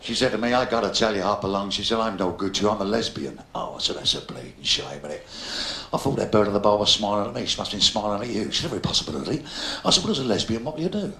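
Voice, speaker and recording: This stand-up comedian is a fifty-something Cockney man from London, ribbing the audience with brash, crude punchlines in a big theatre. He speaks in a lowish, expressive voice at a racing pace, with a little hiss or hum on the track. The 1990s live video captures the echo of the hall and roars of laughter from the crowd.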